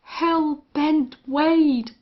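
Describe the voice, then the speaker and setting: A woman voicing a rough, frightened male rustler leader who shouts huskily. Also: a little high, expressive, slow, pitched above the performer's own voice, heavily acted. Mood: shouting. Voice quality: husky, shouting. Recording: dull lo-fi audio.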